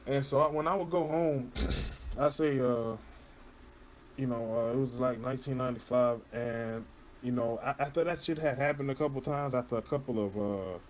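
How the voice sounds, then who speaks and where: A man's voice: mid-range voice, moderate pace, slight background noise. A man in casual interview chat, rambling and profane, filling his talk with "you know". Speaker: podcast guest.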